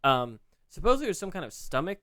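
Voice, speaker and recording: A man's voice: fairly high pitch, very animated, quick pace, sharp tone, no room sound. A man co-hosting a podcast, recapping a wrestling story in casual chat, rambling with frequent restarts and fillers. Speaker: podcast co-host.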